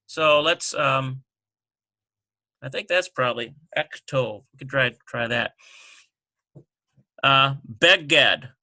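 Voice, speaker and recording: A man teaching a relaxed language lesson, working through words slowly and thinking aloud with many fillers. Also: mid-range voice. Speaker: Hebrew teacher.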